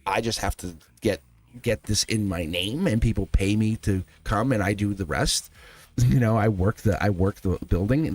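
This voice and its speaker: A man's voice: on the low side, a little mellow. A man giving a live tarot reading, speaking earnestly and emphatically straight to the viewer. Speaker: tarot reader.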